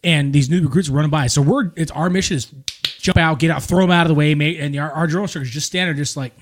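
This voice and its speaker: A man casually telling a profane, animated boot camp story. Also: fairly high pitch. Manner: fast, profane, animated anecdotes. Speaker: veteran guest telling a story.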